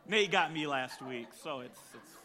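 A man preaching a sermon from a church stage, telling jokes and stories in an expressive way. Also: on the high side, moderate pace, crowd noise. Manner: storytelling, tells jokes from the pulpit, expressive. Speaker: pastor.

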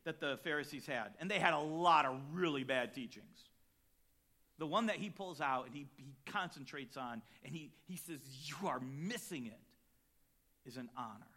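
Male pastor, fairly high, bright voice, dynamic sermon delivery, quiet-to-loud swings. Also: normal speed. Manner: dynamic preaching, swings between quiet and loud emphatic lines; storytelling with acted quotes and chuckles.

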